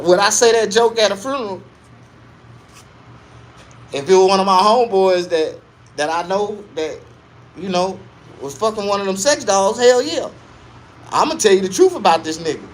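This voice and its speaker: A male comedian telling a raunchy, profane story, swinging between low muttering and loud, high yelps. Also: a little hiss or hum.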